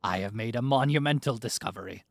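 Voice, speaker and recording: A man's voice: medium pitch, quick pace, no room sound, lightly acted. A man voicing a pompous male fish-folk historian in a grandiose, pirate-like reading voice.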